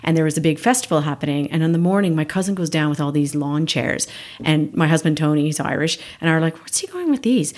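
A woman from Canada in her thirties, a guest in a casual chat who tells animated stories and laughs often. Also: deep voice, fast. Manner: animated storyteller, acts out quotes, laughs often.

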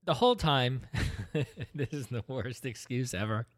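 A man's voice: medium pitch, expressive, measured pace, no room sound, studio quality. A man in casual chat with his wife, laid-back and defending himself with laughs. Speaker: podcast co-host.

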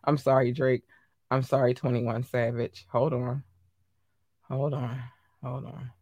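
A woman's voice: rumbling low, level tone, measured pace, darkish tone, dry recording. A woman hosting a casual gossip podcast, talking bluntly and animatedly, swearing freely and repeating herself for emphasis. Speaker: podcast host.

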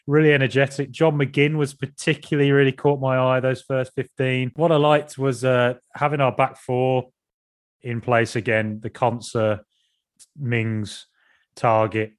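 Jokey male football co-host. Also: medium pitch. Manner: jokey, rambling, hesitant fillers. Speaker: podcast co-host. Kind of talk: casual football chat.

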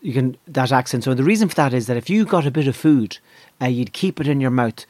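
Sweary Irish comedian, dry and close. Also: male voice, medium pitch, lively intonation, a little mellow, no echo. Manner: profane, rambling, jumps into quick impressions. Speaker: stand-up comedian. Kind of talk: stand-up routine.

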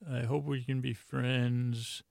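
Gravelly, flat-voiced man rambling a recap. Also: medium pitch, takes it slowly, dry recording, clean studio sound. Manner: meandering, full of fillers and restarts; casually retells scenes with "he goes". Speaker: podcast host. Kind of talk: rambling bedtime episode recap.

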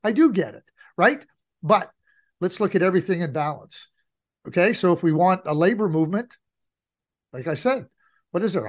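A middle-aged man co-hosting a casual hockey podcast, telling stories and repeating phrases for emphasis. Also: high voice. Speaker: podcast co-host.

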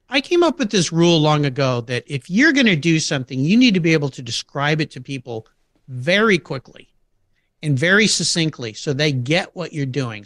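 Lively bright-voiced middle-aged man. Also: on the high side, no room sound, studio quality. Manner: animated anecdotes, acts out quoted voices, laughs often. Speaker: podcast guest. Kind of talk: casual interview storytelling.

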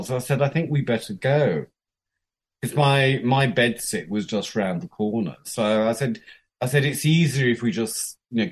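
A man in his fifties from England, a guest telling candid stories about his life, frank and profane, acting out the quotes of the people in them. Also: lowish voice. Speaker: interview guest. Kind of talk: candid storytelling.

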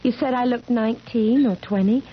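A woman's voice: on the high side, normal speed, close to an everyday voice. An actress playing an earnest, haunted young woman who pleads to be believed, in a 1970s radio drama. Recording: dull lo-fi radio recording.

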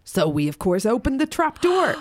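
A woman co-hosting a podcast, reading a listener's story aloud in a chatty way with frequent swearing and quick asides. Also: on the high side, sing-song, darkish tone. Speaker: podcast co-host.

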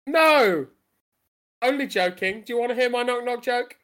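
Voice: medium pitch, fairly even intonation, quick pace, clean tone, lightly acted. Someone playing a cheeky weather presenter. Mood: playful. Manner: playful, jokey. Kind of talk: improv comedy.

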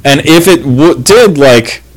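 A man's voice: fairly high pitch, slow pace, poor audio. Guy on a podcast telling a story from home, laid back, lots of "like". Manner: relaxed, retelling with many "like" and "yeah" fillers. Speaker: podcast co-host. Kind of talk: casual storytelling chat.

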